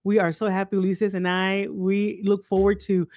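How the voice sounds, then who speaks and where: A woman's voice: medium pitch, little pitch movement, moderate pace, darkish tone, dry recording. Texan lady hosting a chatty podcast, upbeat, laughs a lot, dry close sound. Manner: upbeat, welcoming, laughs often. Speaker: podcast host. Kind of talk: casual podcast chat.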